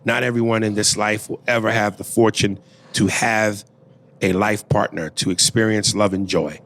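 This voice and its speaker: A podcast co-host reads listener emails aloud, keeping it casual, profane and jokey, and now and then breaks into laughter. His voice is fairly low and a bit bright, with fairly even intonation and a moderate pace.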